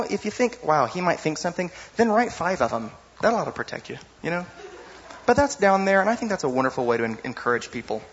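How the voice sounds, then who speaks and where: A man preaching a sermon in a lively, conversational way, often asking the audience "you know?". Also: fairly high pitch, dull audio, a little hiss or hum.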